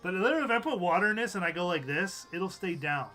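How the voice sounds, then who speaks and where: A man with a bright, forceful, somewhat high voice chats casually on his live stream. He reads viewer comments aloud, laughs often and rambles. Faint music plays behind him. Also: expressive, fast talker. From USA.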